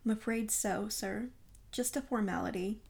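Brief: woman playing a brisk, courteous male inspector, audiobook reading. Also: medium pitch, vocal fry, a little mellow, lightly acted. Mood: formal. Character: police inspector, man, brisk and formal.

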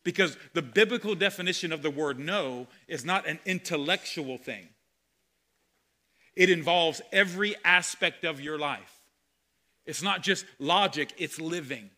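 A man preaching a sermon as pastor, animated, with sudden loud exclamations. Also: fairly high pitch, measured pace.

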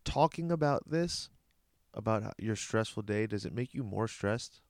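Gravelly, teasing man with lively pitch. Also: normal speed, dry recording, studio quality. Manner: teasing, prodding with short questions. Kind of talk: casual chat.

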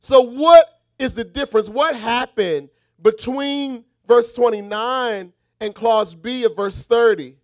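High-voiced man preaching a sermon. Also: takes it slowly, few pauses, no echo, clean studio sound. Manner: rhythmic call-and-response preaching, swings from shouted refrains to quiet asides.

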